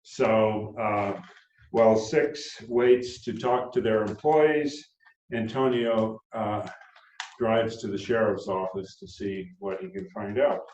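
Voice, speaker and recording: A man, the author, reading his own novel aloud calmly and unhurriedly, with brief asides. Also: fairly low pitch, slow pace. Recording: roomy, dull sound from far off.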